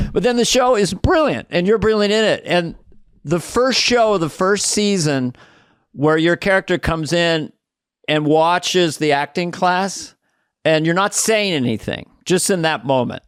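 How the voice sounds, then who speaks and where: A man's voice: high-pitched, animated, moderate pace, a bit bright, no room sound, studio quality. A man in his sixties co-hosting a podcast, heaping praise on the guest and sometimes putting on voices. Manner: enthusiastic praise, slips into gruff put-on voices. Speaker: podcast co-host. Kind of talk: casual podcast chat.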